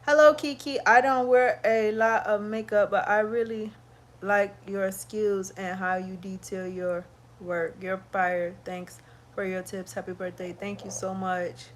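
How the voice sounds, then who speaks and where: A woman's voice: mid-range voice, measured pace. A woman, chatting bluntly and profanely to her viewers in a casual livestream. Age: 50s. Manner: blunt, animated and profane, talks straight to viewers. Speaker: makeup vlogger.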